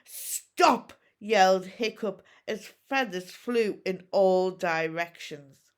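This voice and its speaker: A woman teacher reading a storybook aloud to pupils in an expressive, measured way. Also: medium pitch, clean tone.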